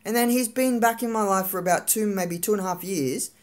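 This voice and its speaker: A woman's voice: mid-range voice, fairly quick, darkish tone. A woman in her thirties venting angrily in a sweary, rambling monologue, acting out arguments with her family. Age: 30s. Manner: angry, sweary ranting with quoted arguments.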